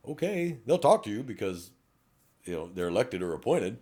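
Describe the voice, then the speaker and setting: A middle-aged man talks on a podcast as a police officer. His low voice rises and falls widely as he tells stories. His delivery is blunt and full of swearing. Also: fairly quick. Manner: blunt, profane, animated storytelling. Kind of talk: casual podcast chat.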